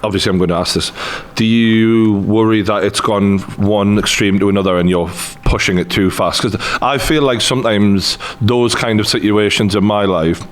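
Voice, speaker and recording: A man's voice: on the low side, moderate pace, few pauses. A man with a Geordie accent hosting a podcast, asking blunt, teasing questions in casual chat. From Northeast England. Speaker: podcast host.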